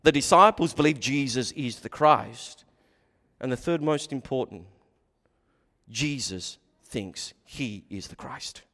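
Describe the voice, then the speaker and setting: A man preaching an expository sermon with an emphatic delivery that rises and falls and repeats words as he works through scripture. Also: a little high. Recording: long reverb of a hall.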